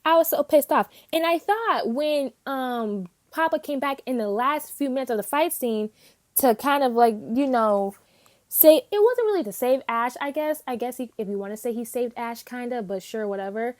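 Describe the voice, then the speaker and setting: In this unscripted anime review, a woman with a high voice goes on an animated, emphatic rant. She swears often and mimes her reactions in rapid bursts.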